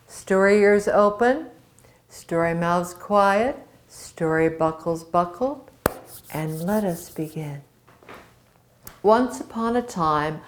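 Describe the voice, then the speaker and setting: Slow, expressive woman storyteller. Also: medium pitch. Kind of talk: storytelling to children.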